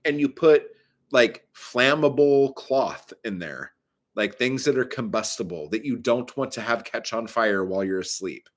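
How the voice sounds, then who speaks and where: A man with a mid-pitched voice rambles through a story for his vlog. He swears freely, sounds exasperated and trails off into fillers and asides. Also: animated, a little slow. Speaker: vlogger.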